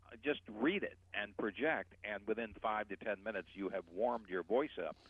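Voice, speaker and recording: A man's voice: lowish voice, lively intonation, normal speed, breathy edge, no echo. A male voice coach on a radio talk show, explaining and demonstrating how people speak. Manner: explanatory, demonstrates speech patterns. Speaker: voice coach guest. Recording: tinny phone line.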